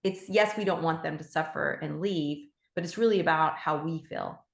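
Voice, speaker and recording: Gentle, slightly gravelly woman teaching. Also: low-pitched, moderate pace, reverberant. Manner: gentle, heartfelt, with fillers and restarts. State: emotional. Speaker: animal Reiki teacher. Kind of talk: casual spoken teaching.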